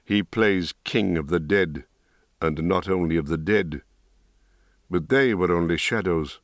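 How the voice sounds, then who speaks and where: A man's voice: dry recording, clean studio sound. A man reading as a grave old-souled wizard. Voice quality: low, grave and measured. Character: grave, wise middle-aged male mage. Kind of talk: audiobook reading.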